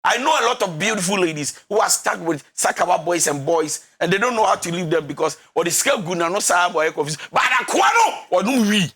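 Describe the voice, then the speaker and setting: Ghanaian guy counselling, high voice, bright, preachy and laughing a lot. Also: lively intonation, brisk, few pauses, breathy edge. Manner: preachy, emphatic, laughing often, mixes English and Twi. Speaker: relationship counselor. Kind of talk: animated counselling talk.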